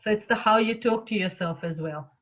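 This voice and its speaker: A woman leads a loving-kindness meditation with a calm, unhurried delivery. Her words come softly and slowly. The sound is thin and phone-like, as over a video call. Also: medium pitch. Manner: gentle, soothing, speaks slowly. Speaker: meditation teacher. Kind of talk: guided meditation teaching. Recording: lo-fi phone-like audio.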